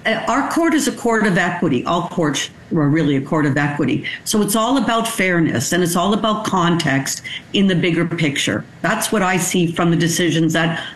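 Lady lawyer explaining stuff fast and plainly, kinda echoey. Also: on the low side, animated. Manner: brisk and explanatory. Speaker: divorce lawyer. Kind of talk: expert interview.

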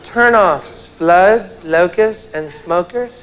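A man's voice: high voice, slow, heavy background noise. A male stand-up comedian with a wry, conversational delivery, performing live. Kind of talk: stand-up routine. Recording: live show with crowd laughter.

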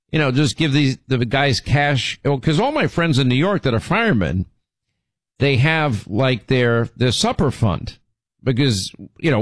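A man's voice: mid-range voice, no room sound. A middle-aged man hosting a show, telling rambling stories and teasing his co-host in casual banter. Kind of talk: casual on-air storytelling.

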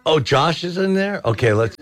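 A man's voice: a little high, animated, normal speed. A man hosting a call-in radio show, chatting casually with callers and laughing often between reads. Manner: laughing, exclaiming, upbeat.

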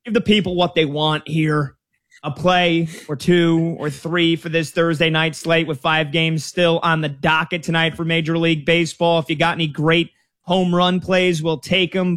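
A man's voice: fairly high pitch, flat delivery, moderate pace, fairly bright tone, no room sound, clean studio sound. A man hosting a sports betting radio show, breezily plugging his guest and setting up questions. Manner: breezy plugs and chummy banter.

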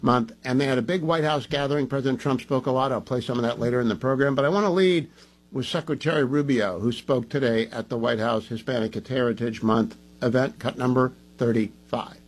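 A man's voice: medium pitch, fairly quick, poor audio. Man, talk radio host, opinionated monologue, emphatic, groggy. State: groggy from medication.

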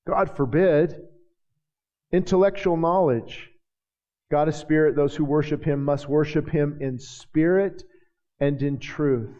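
A man preaching a sermon in a church, joking with the congregation and building to shouted passages. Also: fairly high pitch. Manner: jokey asides to the congregation. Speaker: pastor. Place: church sanctuary. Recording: hall reverb, dull lo-fi sound.

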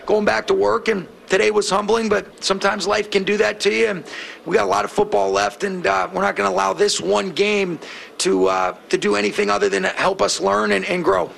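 A football coach speaks at a press conference after a loss, measured and a little halting. His voice is very gravelly and rather high, with a flat melody. Faint room noise hangs behind the clip.

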